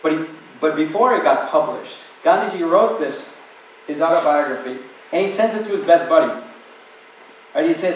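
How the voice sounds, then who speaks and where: A man gives an inspirational talk, telling stories with loose conversational asides. His voice sits a bit high. He sounds distant from the mic, with a heavy echo from the hall around him. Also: expressive, normal speed, slight background noise. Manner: storytelling, conversational with many asides. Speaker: guest speaker.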